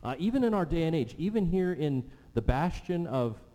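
A man preaching a sermon, emphatic, repeating key phrases and slowing down to stress them. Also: a little high, sing-song, mellow. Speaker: pastor. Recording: long reverb of a large hall.

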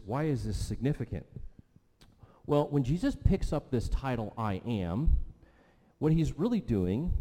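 A middle-aged pastor with a mid-range voice gives a teaching sermon in a mellow, relaxed way. He's conversational, asking the congregation questions and tagging points with "okay" and "right," while his voice rings with the long reverb of a large hall.

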